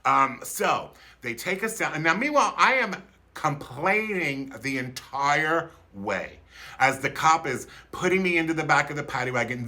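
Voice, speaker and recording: His pitch swings widely at a moderate pace as this man in his fifties, from Philadelphia, tells a comedic story on a livestream. Bright and forceful, he's theatrical and campy, breaking into flamboyant high-pitched outbursts without warning.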